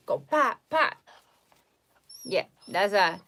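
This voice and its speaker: A woman host casually chatting on a home live stream, animated and cooing baby talk to her dog at times. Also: medium pitch, measured pace, pauses often.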